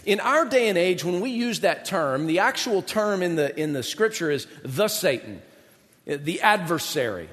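A man with a notably high voice preaches a sermon, talking to the congregation in a chatty, conversational way and often asking rhetorical questions. His voice rings out with a long reverb, as in a large hall. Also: very animated, moderate pace, a bit bright. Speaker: pastor.

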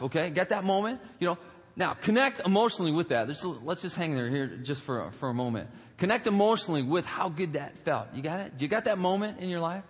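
A pastor preaching a humorous, story-driven sermon in a large auditorium, animated and jokey, with many fillers and asides. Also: male voice, a little high. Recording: long auditorium reverb.

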